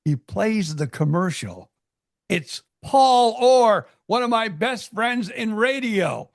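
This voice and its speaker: A man co-hosting a podcast in casual chat, telling stories in a halting way and repeating words as he goes. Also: high-pitched, big pitch swings, no room sound, clean studio sound. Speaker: podcast co-host.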